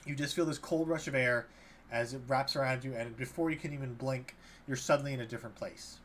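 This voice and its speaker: A man's voice: medium pitch, fairly quick, a bit bright. A man narrating a tabletop game as game master, loosely, with many fillers. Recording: faint background noise.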